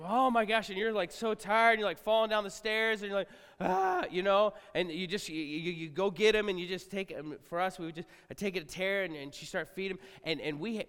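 A middle-aged male pastor preaching to a congregation, talking casually and swinging from quiet asides to loud outbursts. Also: high-pitched, clear, resonant tone. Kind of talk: sermon. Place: large church hall. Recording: live sermon with long hall reverb.

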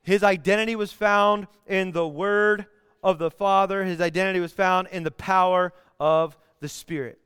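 A man delivers a sermon in a high, clear, resonant voice. He tells stories with animation and sometimes bursts into song. The sound is dry and close. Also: fairly even intonation, moderate pace, fairly bright tone, dry recording. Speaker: pastor.

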